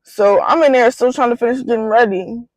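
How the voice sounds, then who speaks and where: A young woman, retelling a bad day in a casual vlog with animated disbelief. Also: on the high side, a little fast, no echo, rough recording. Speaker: vlogger.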